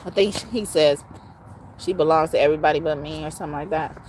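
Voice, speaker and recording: A woman's voice: deep voice, fast, darkish tone, slight background noise. A woman giving a casual tarot reading, talking bluntly with profanity and frequent laughter. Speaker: tarot card reader.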